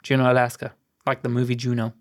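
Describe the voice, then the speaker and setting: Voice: mid-range voice, monotone, quick pace. Rambling, swearing podcast host. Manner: rambling, swears casually, trips over words. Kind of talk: casual chat.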